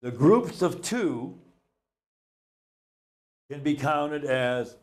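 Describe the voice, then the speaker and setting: A man's voice: medium pitch, lively intonation, takes it slowly, long pauses, darkish tone. A man teaching a recorded music lesson, explaining patiently, repeating key points and counting beats aloud.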